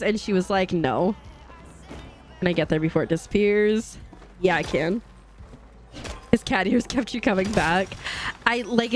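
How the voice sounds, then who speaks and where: A chatty, giggly woman talks casually to her viewers as she plays, her voice at an ordinary middle pitch. Faint game music runs quietly underneath. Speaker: streamer. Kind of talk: casual live-stream chat while gaming. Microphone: desk microphone.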